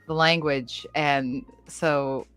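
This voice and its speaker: A woman with a low voice talks animatedly and explains things at length, laughing often. The sound is dry and close, with faint music under it. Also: fairly even intonation, very slow, fairly bright tone, clean tone, no room sound. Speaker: voice actress at a live signing stream. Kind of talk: casual chat.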